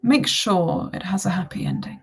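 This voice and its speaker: A woman's voice: mid-range voice, moderate pace, husky. A woman voicing an aloof, cryptic being bound to a house, speaking in a curt, solemn way.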